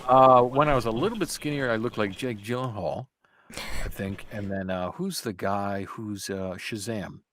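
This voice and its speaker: Lively, low-voiced man being interviewed. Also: normal speed, a little hiss or hum. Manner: animated and playful, jumping between loud bursts and soft asides. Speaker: guest voice actor. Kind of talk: casual podcast interview chat.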